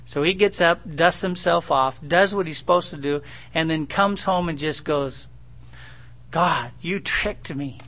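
A man preaching a sermon in an animated, conversational way, often checking in with the congregation through rhetorical questions. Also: fairly high pitch, normal speed.

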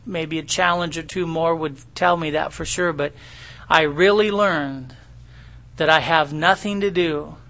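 A middle-aged man delivers a sermon as if chatting with his congregation. His voice sits high and rings bright. He keeps checking in with his listeners in a homespun, folksy manner. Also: steady tone, a little slow. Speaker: pastor. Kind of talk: conversational sermon.

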